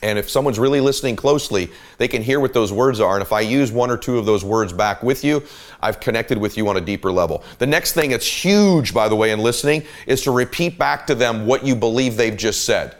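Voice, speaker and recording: A man's voice: medium pitch, brisk. A man hosting a podcast, giving a motivational teaching monologue in an emphatic, repetitive coaching manner. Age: adult parent. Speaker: podcast host and sales coach.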